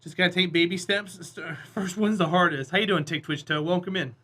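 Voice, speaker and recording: A man's voice: high-pitched, brisk, bright, forceful tone. A man streaming a space game live, chatting casually and encouraging his viewers as he plays.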